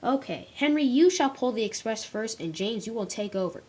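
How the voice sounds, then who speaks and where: A woman's voice: fairly high pitch, animated, moderate pace, darkish tone, slightly rough, pitched above the performer's own voice, poor audio. A woman voicing a stern older male railway boss who gives orders. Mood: bossy. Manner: bossy, giving orders.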